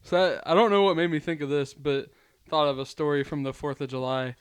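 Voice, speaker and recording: A man's voice: fairly high pitch, fairly quick, clear, resonant tone, no room sound. A young man co-hosting a podcast, telling a story in casual chat and laughing often. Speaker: podcast co-host.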